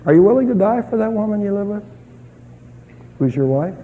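A middle-aged man preaching a sermon as a pastor, earnest, swinging between loud and soft. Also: high voice, lively intonation, a little fast, narrow, tinny audio, slight background noise. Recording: echoey hall with long reverb.

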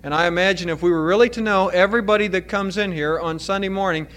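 A man preaching a sermon as pastor of his church, explaining scripture in an earnest, deliberate way with careful emphasis. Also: high-pitched, a bit bright.

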